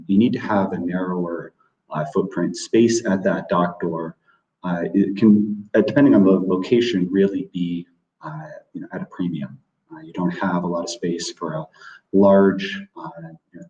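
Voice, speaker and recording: A man's voice: sits low, warm tone. A man presenting product features in a webinar, hesitant and full of filler words. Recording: distant, roomy, dull audio.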